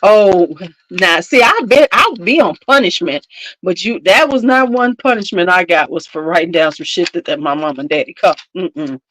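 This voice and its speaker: A woman's voice: on the low side, animated, moderate pace, a bit bright, a little hiss or hum, poor audio. A woman in her fifties hosting a casual livestream chat from home, telling stories with frequent laughs and talking back to her viewers. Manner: chatty storyteller, laughs often, talks back to viewers. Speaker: beauty channel host.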